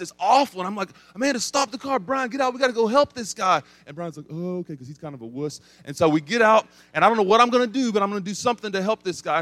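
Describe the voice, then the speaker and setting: This is a young East Tennessee man, a pastor, delivering a sermon with a story woven in, his voice rising and falling dramatically in pitch and loudness. The recording is dry.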